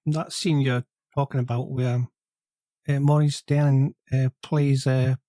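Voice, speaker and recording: A man's voice: mid-range voice, level tone, measured pace, warm tone, dry recording. A man co-hosting a podcast, chatting casually about films, tentative and often ending his points with a question. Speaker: podcast co-host. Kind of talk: casual film chat.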